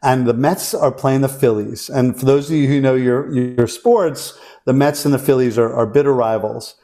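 Man in his forties, podcast host, lively storyteller, middle-range voice. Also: mid-range voice, normal speed. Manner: animated, acts out quoted voices. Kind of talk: casual storytelling.

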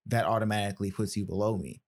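A male podcast guest speaking in a measured, deliberate way and choosing his words carefully in casual conversation. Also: on the low side, fairly even intonation.

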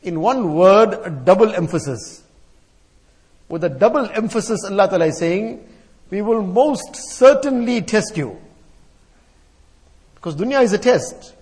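Speaking to an audience of scholars and elders, a male Islamic scholar chants Arabic verses and unpacks them in rhythmic repeated lists. His voice is high-pitched, animated and a little mellow, unhurried with long pauses, and a long hall reverb fills the recording.

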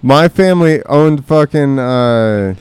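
A man's voice: medium pitch, expressive, takes it slowly, a little mellow, clear, resonant tone. A man in casual chat, terse and blunt, swearing now and then.

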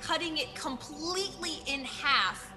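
A woman's voice: high-pitched, measured pace, bright, forceful tone, soft background music. A woman narrating as game master of a tabletop game, telling the action vividly with frequent giggles.

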